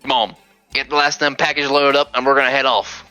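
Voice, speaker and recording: A man's voice: mid-range voice, level tone, quick pace, bright, forceful tone, clean tone, soft background music, lightly acted. A man voicing a grumpy, bossy old male halfling merchant who barks orders and curses. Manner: barking, bossy, cursing.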